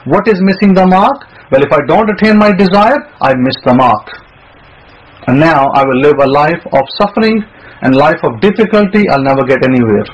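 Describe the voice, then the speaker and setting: A man's voice: fairly high pitch, expressive, normal speed. A man preaching a sermon in an emphatic way, often repeating words and restarting phrases. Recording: muffled lo-fi audio.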